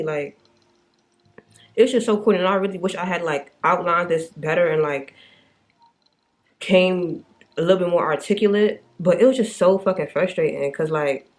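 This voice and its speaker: A young woman, vlogging and ranting bluntly to the camera with plenty of swearing. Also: medium pitch. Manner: exasperated, blunt, swears a lot. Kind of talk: casual vlog rant.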